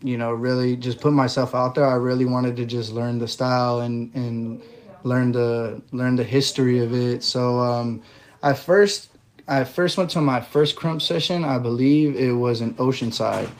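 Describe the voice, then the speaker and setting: A man guesting on a podcast, telling his story in a relaxed way with lots of fillers. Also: medium pitch, moderate pace. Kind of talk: casual interview chat.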